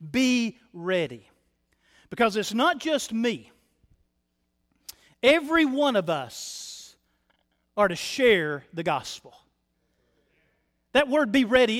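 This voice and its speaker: A man with a very high voice preaches slowly and deliberately from the pulpit. He leans on repeated phrases and calls out to his congregation. His words ring out with the long reverb of a church sanctuary. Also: lively intonation, a bit bright. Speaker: pastor. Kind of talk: sermon.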